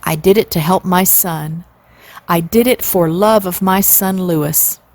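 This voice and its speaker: A woman's voice: unhurried, darkish tone, dry recording. Older lady doing a proud old cob swan, very proper and formal, dry close sound. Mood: tender. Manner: formal, high-minded speech. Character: dignified old male trumpeter swan, noble and law-abiding.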